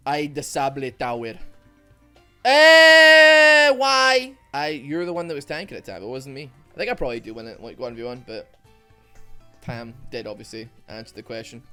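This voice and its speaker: A man giving rambling, self-mocking commentary over a video game, with quick asides. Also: mid-range voice, soft background music. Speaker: gaming YouTuber. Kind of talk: joking gameplay commentary.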